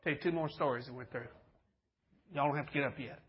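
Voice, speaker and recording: A man's voice: mid-range voice, fast talker, slightly rough, lo-fi sound. A man preaching a folksy, joking sermon to a congregation, acting out the people in his stories. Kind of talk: storytelling sermon.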